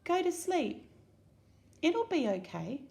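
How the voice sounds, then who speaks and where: A woman reading aloud, voicing an anxious, loyal little boy fox who calls out in a high voice. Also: big pitch swings, slow, vocal fry, a little mellow, exaggerated voice. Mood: sleepy.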